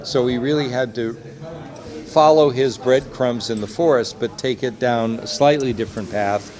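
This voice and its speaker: A man's voice: mid-range voice, normal speed. A man, an executive producer and director, chatting through anecdotes in a press interview at a busy convention. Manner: chatty, anecdotal, quotes others with lively voices. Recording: crowd noise behind. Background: loud crowd chatter.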